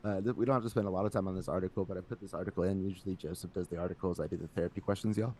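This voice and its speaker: Low-voiced joking podcast co-host. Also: male voice, rapid-fire, slight background noise. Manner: joking, laughs often, excitable. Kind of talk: casual podcast chat.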